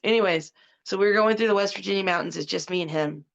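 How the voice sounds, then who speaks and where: Woman, forties, podcast guest, blunt, animated, swears, gravelly, dull lo-fi sound. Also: medium pitch, quick pace. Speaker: podcast guest, former wrestler. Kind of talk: casual storytelling.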